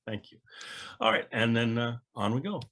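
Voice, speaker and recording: A man hosting casually, giving a relaxed, rambling sign-off. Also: medium pitch, moderate pace. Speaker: host of a classic TV channel. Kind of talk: casual chat.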